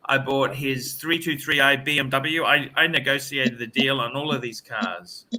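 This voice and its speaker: A man's voice: mid-range voice, steady tone, normal speed, bright, forceful tone. A man hosting a livestream in casual chat, rambling and ranting with plenty of swearing. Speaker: livestream host.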